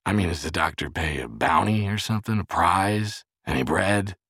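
A male narrator voicing a timid, slow-witted young man who talks in a slow, whiny, pleading way. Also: sits low, expressive, fairly bright tone, slightly rough, dry recording, clean studio sound, exaggerated voice. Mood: curious.

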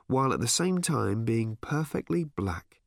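Man with a lively, wry narrating voice. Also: medium pitch, gravelly, dry recording, clean studio sound. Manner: wry, measured storytelling. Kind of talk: audiobook narration.

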